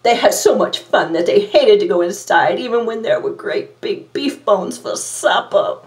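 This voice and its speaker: Playing a glamorous, self-adoring villainess, a woman gives a campy, theatrical storybook reading in a mid-range, natural voice. She's expressive and moves at a moderate pace, heard from a distance in a roomy space.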